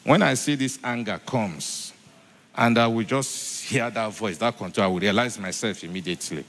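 A man giving a church testimony, halting, repeating himself and filling with many hesitations. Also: on the low side, a bit bright. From Nigeria. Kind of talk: spoken testimony. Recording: echoey church hall.

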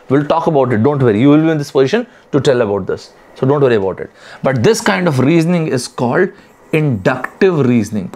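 A male teacher lectures online for an exam prep class. His voice sits a little high and swings widely in pitch. He keeps repeating key terms and puts on his students' questions, then answers them himself. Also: expressive, a little fast, a little mellow.

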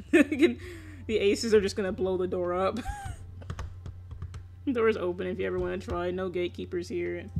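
A woman's voice: fairly low pitch, steady tone, measured pace, vocal fry, long pauses, darkish tone, soft background music. A young woman chatting casually on a live stream while she draws, laughing often, swearing freely and teasing her viewers.

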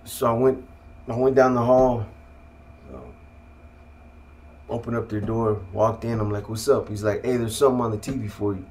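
A middle-aged man from California tells his story in an easygoing, street-slang way, leaning on "man" and "you know what I mean." His voice sits at an ordinary male pitch and often sinks into low, hushed asides. The talk is loose and conversational, full of restarts. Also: fairly even intonation, moderate pace, long pauses, a little hiss or hum. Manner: quiet, subdued delivery with hushed asides. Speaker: guest telling his life story. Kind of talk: casual storytelling.

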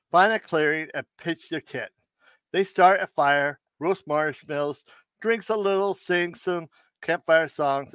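A man's voice: a little high, a bit bright, no room sound. A man hosting a live stream, telling corny jokes and riddles, often stumbling and restarting and laughing at his own punchlines. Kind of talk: casual joke telling.

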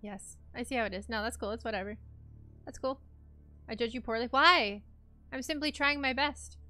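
A woman's voice: on the high side, normal speed, bright, forceful tone, soft background music. A woman streamer chatting casually on a collab stream, playful and mock-offended, swearing freely.

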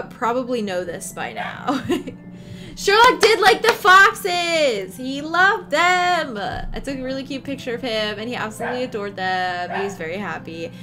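A woman livestreaming from home in a casual, giggly chat, greeting viewers by name. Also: mid-range voice. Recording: background music under voice.

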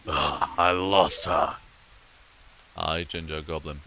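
A man giving casual gameplay commentary, excitable, swearing and laughing often. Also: on the low side, unhurried, long pauses, faint music behind. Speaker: let's play gamer.

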